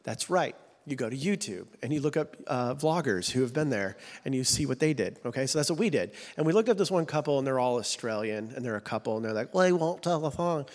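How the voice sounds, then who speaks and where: A man's voice: medium pitch, expressive, fast, few pauses. A man in his forties preaching a sermon in a conversational, self-deprecating, joking way. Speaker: pastor. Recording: long hall reverb.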